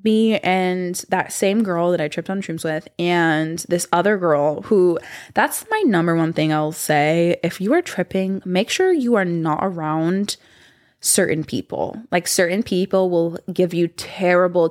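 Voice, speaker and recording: A woman's voice: fairly low pitch, a little slow. A young woman casually telling a long rambling story to her viewers, full of fillers and asides. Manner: chatty and rambling, lots of fillers, animated voices in quotes. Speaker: vlogger.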